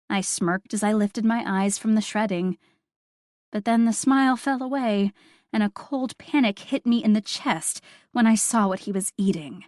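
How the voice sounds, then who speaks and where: A woman reading a first-person novel aloud with wry, expressive storytelling. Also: mid-range voice, normal speed, no room sound, studio quality. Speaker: audiobook narrator. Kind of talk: first-person audiobook narration.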